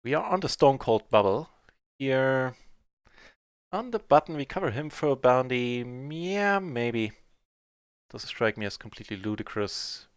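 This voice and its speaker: A man's voice: medium pitch, measured pace, smooth, dry recording, studio quality. Man commenting on his own poker game. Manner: chatty, swings from muttering to excited shouting. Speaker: poker streamer.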